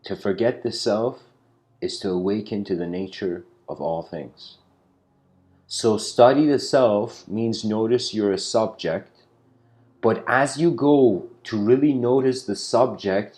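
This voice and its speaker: A man giving a spiritual lecture in a casual, rambling storytelling way, full of "you know" and "like", slowing down to stress key points. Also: fairly low pitch, warm tone.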